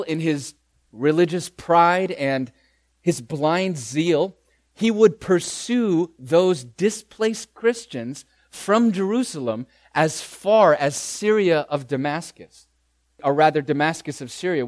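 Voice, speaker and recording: A male pastor preaching a sermon, deliberate and emphatic, dropping to soft words and repeating phrases for weight. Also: a little high, no room sound. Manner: slow, deliberate preaching with dramatic soft drops and emphatic repetition.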